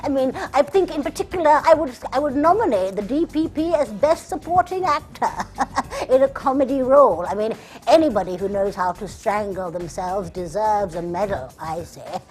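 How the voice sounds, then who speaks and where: A woman's voice: on the high side, expressive, normal speed, a little mellow, pitched above the performer's own voice, lightly acted. A woman putting on a smug plummy judge. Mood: amused. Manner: plummy, drawling, self-satisfied. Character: pompous cultivated judge, smug and sly. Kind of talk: comic character sketch.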